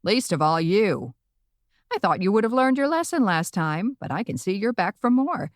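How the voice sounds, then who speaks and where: A woman's voice: mid-range voice, big pitch swings, moderate pace, no room sound, clean studio sound, lightly acted. A woman voicing a brash elderly witch grandmother doing stand-up comedy, with a brassy, bawdy delivery. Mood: cutting. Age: older.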